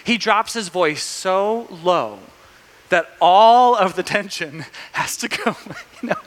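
A high-pitched male preacher with a bright, forward voice. He tells his story animatedly and often restarts his sentences. The sound rings with the long reverb of a church hall. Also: animated, slow. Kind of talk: sermon.

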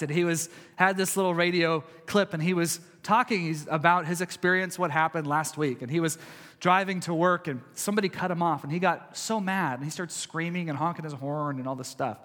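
A male pastor preaching a sermon in a conversational way, swinging from loud emphasis to hushed, quiet passages. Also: on the high side, brisk, in a large hall.

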